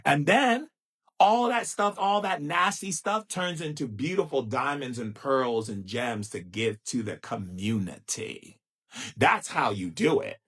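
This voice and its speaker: A man giving a live spiritual talk, playful and theatrical, with sudden jumps in pitch and drawn-out chanted phrases. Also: lively intonation, a bit bright, husky. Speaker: spiritual teacher.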